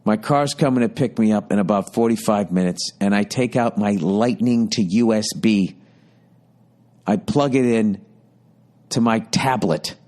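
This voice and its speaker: A man's voice: fairly low pitch, darkish tone. A man in his fifties hosting a podcast, telling a rambling comedic story with constant swearing and exasperated ranting. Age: 50s. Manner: profane, exasperated, rapid ranting. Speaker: podcast host. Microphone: podcast studio mic.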